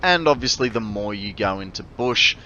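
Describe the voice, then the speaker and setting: Australian male game streamer, bright voice, easygoing rambling chat with viewers. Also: on the low side, lively intonation, normal speed, muffled recording. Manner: rambling, chatty, friendly to chat. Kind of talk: casual live-stream chat while gaming.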